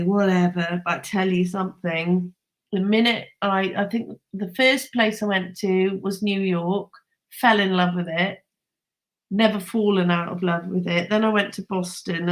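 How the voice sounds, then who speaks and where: A woman, chatting casually with live viewers, enthusiastic and laughing often. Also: mid-range voice. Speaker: host.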